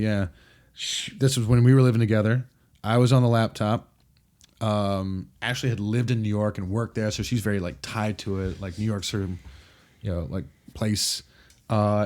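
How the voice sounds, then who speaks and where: Lower-voiced man telling an animated story. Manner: animated, acts out quotes with restarts. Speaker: podcast guest. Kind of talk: casual storytelling chat.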